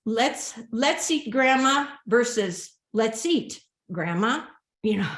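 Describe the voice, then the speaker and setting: A woman's voice: mid-range voice, reverberant. A woman attorney giving a business communication webinar. She talks conversationally, often repeats and restarts her words, and reads example sentences aloud with the punctuation spoken. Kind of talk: instructional webinar talk.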